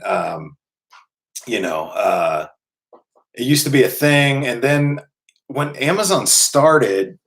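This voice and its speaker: A man hosting a casual live stream from home, talking loosely and off the cuff. He rambles through his thoughts with plenty of ums, uhs and restarts, with a voice of middling pitch. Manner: rambling, many fillers and restarts. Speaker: channel host.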